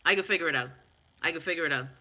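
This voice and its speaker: Animated Bahamian woman host. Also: sits low, racing. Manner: loud, animated, talks back to viewer comments; frank, swears freely. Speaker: live-stream host. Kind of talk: casual live-stream chat.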